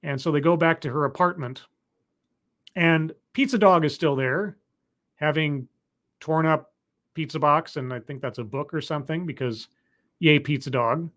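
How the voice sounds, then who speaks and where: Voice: medium pitch, moderate pace, pauses often, a bit bright. Wry, rambling episode recapper. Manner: wry, sarcastic asides; rambling, with fillers and restarts while clicking through footage. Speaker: show reviewer hosting a live stream. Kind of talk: casual episode recap commentary.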